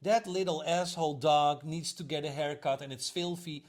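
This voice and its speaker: A man's voice: fairly high pitch, steady tone, moderate pace. A Dutch man co-hosting a casual chat with a Dutch accent, teasing and blunt in a dry way. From Netherlands. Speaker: co-host.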